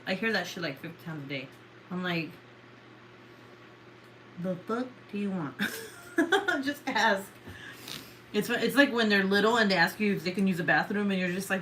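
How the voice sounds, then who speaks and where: A woman's voice: mid-range voice, moderate pace, pauses often, a bit bright, poor audio. Profane, rambling woman with faint hiss. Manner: profane, laughing often, rambling. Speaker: streamer chatting with viewers. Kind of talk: casual chat.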